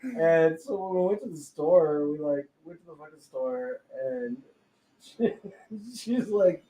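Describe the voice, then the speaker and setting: During a live podcast in a tattoo studio, a man tells a personal story in casual chat, swearing freely and laughing often. His voice is a little high and slightly slow with a dark tone, heard with roomy echo and faint ambience.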